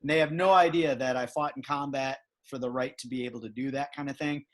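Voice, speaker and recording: A man's voice: mid-range voice, steady tone, fast. A man hosting a casual podcast chat, rambling and emphatic with many restarts. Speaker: podcast host. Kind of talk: casual conversation.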